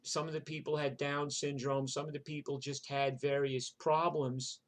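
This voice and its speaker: Older New man, slightly high voice, rambling profane storyteller. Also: level tone, moderate pace. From New York. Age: 60s. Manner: rambling and profane, full of "like" and "you know". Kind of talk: casual spoken memoir.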